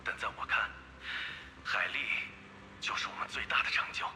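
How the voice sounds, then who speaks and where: An actor playing a devoted young father and base scientist, gentle and reassuring but urgent in a crisis. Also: normal speed, slight background noise. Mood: tender. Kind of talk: dubbed game cutscene acting.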